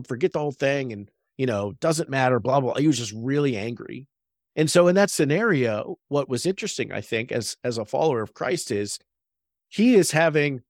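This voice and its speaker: An earnest man in his thirties, a real estate agent who co-hosts a casual faith-based business podcast, shares a workplace story, often asking listeners "right?" His medium-pitch, mid-range voice sounds dry and close to the mic, with no echo.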